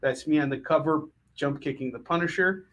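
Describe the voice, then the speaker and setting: A man's voice: on the high side, brisk, fairly bright tone. A man running a live comic book sale, full of puns and jokey sales patter.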